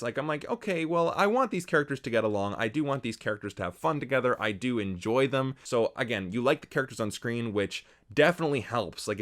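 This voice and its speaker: Young man animatedly reviewing a movie. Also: mid-range voice. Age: 20s. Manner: animated, mocking quoted voices. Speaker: film critic.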